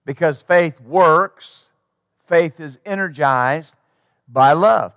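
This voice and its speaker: A man's voice: fairly high pitch, slow pace, a bit bright, no echo, clean studio sound. A man preaching a sermon as pastor, emphatic and acting out the replies of the people he quotes.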